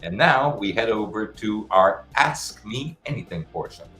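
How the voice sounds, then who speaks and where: A man's voice: lowish voice, animated, measured pace, pushed and bright. A middle-aged man hosting a live-stream show, answering viewer questions in a casual, frank way with many restarts. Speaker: show host. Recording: roomy echo with faint music behind.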